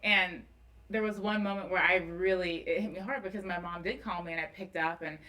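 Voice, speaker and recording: Young woman, bright clear tone, slightly low voice, earnest casual chat guest. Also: fairly even intonation, brisk, low-quality recording. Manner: earnest, emotional storytelling. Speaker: guest, morning news anchor.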